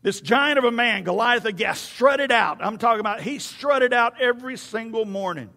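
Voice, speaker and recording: Animated preacher with a high gravelly voice. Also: male voice, moderate pace, long reverb tail. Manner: animated, storytelling with stammered restarts. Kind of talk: sermon.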